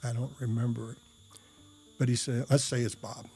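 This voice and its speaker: A man's voice: medium pitch, flat delivery, normal speed, darkish tone, a little hiss or hum. A man telling a personal story in a casual, rambling way, with many fillers and restarts and blunt, salty language. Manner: blunt, profane.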